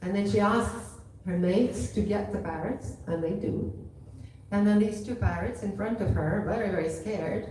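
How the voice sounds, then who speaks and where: A woman's voice: mid-range voice, moderate pace, mellow, a little hiss or hum. Casual woman telling a devotional story. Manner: casual, lots of "you know". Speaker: storyteller at a temple gathering. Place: temple hall. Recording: echoey hall from far off.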